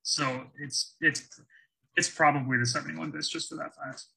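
Bright, husky-voiced man guesting on a podcast. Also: a little high, fairly even intonation, moderate pace, rough recording. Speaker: guest collector. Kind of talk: casual podcast interview.

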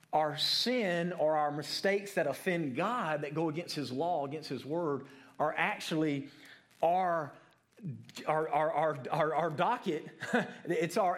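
A man giving a conversational sermon to adults, often asking the room questions and ending points with "right?", with many repeated words and restarts. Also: on the high side. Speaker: preacher.

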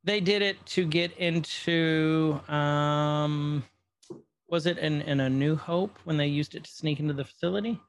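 A male podcast co-host casually recaps an episode, joking around and playfully retelling events with quoted voices. His voice is on the high side and measured in pace, recorded with no room sound.

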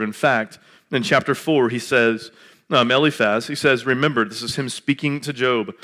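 A man in his late thirties gives a sermon in a loose, chatty way, joking and saying "uh" a lot. His voice is bright and forward, at an ordinary middle pitch. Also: normal speed. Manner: chatty and joking, lots of filler words. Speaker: pastor. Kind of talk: casual conversational sermon.

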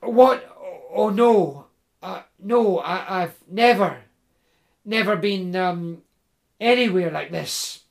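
A man's voice: sits high, takes it slowly, vocal fry, full character voice. A man voicing a nervous, stammering young male security guard. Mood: flustered. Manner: stammering, hesitant.

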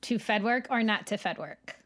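A woman with a Midwestern accent, hosting and asking quick, playful quiz questions. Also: mid-range voice, animated, fairly bright tone. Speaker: host. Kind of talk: casual chat.

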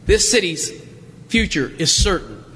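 A stern ancient general giving orders, as a man acts him out. The voice sits high and bright, echoing through a hall. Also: very animated, measured pace. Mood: commanding. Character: commanding ancient male general.

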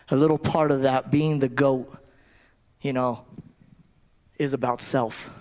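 A man's voice: mid-range voice, darkish tone. A man giving a conversational sermon, often repeating and restarting his phrases. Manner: conversational preaching with repetitions and restarts. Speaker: preacher.

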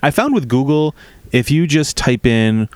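A man co-hosting a loose comedy chat who riffs and spins jokes, his pitch bouncing widely as he talks. His voice sits close and dry, with no room sound around it. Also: sing-song, no room sound. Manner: riffing jokes, quick bursts, laughs often. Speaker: podcast co-host.

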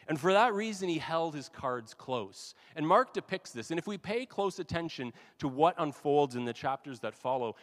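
A man preaching a sermon as pastor, talking in a casual, conversational way with asides. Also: medium pitch. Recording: long hall reverb.

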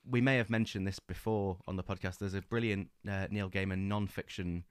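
A man's voice: low-pitched, steady tone, a little fast, smooth, no room sound, studio quality. A man co-hosting a podcast, chatting casually and enthusiastically about books, with lots of fillers and restarts. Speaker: podcast co-host. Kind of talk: casual book-club chat.

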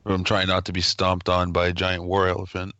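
A man's voice: deep voice, monotone, fairly quick, sharp tone, no echo, lo-fi sound. A man on a podcast throwing in dry, skeptical quips. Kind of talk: casual chat.

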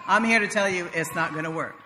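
A woman's voice: on the low side, fast, big-room sound, background noise. A woman minister from the South, preaching a sermon in a wry, conversational storytelling manner. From American South.

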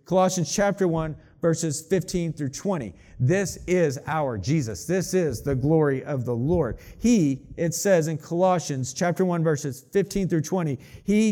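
A man's voice: on the high side, warm tone. A man giving a casual, chatty sermon, reading scripture aloud and often correcting himself. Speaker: pastor.

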